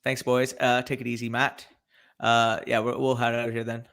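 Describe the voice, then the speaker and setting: Male stream host, mid pitch, gravelly, casual and profane. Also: normal speed. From half British. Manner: loose, swearing, excitable. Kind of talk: casual livestream chat.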